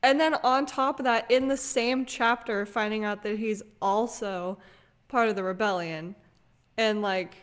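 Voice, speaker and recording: Young female podcast co-host, casual book chat, slow unhurried delivery, relaxed and filler-heavy. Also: mid-range voice. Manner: unhurried, many fillers, laughs easily.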